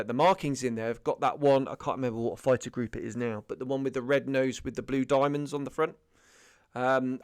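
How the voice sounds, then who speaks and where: A man's voice: mid-range voice, smooth, dry recording, studio quality. A middle-aged man hosting a hobby channel, giving a casual news update full of ums, restarts and self-corrections. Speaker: scale modelling channel host.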